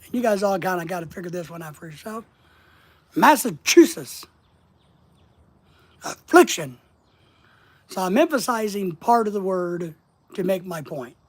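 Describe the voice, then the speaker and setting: A man's voice: sits high, brisk. Male streamer, reads a book aloud and riffs on it, hits key words hard. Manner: emphatic, stresses key words, reflective. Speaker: live-stream host. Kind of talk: reading a book aloud and commenting.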